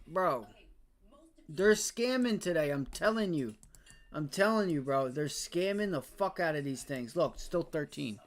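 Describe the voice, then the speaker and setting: A man's voice: on the high side, lively intonation, unhurried. Foul-mouthed man ranting over stock charts. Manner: profane, exasperated rants at the chart; repeats phrases, talks to viewers as bro. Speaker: day-trading livestream host. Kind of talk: live trading commentary.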